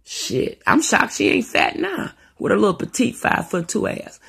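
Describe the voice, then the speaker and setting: A husky middle-aged woman with a gravelly edge tells family stories off the cuff. Her pitch swoops wide as she rambles and cusses her way through the tale. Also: normal speed. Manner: rambling and profane, with animated asides. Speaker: storyteller. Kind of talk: casual storytelling monologue.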